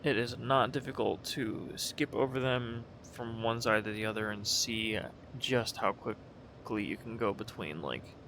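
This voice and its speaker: A man's voice: fairly low pitch, steady tone, a little slow, few pauses, a bit bright, slight background noise. A young man casually commenting while flying in a game, rambling, correcting himself, and sounding half awake. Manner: rambling, self-correcting, sleepy. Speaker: gaming video creator. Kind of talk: casual live commentary over a flight game.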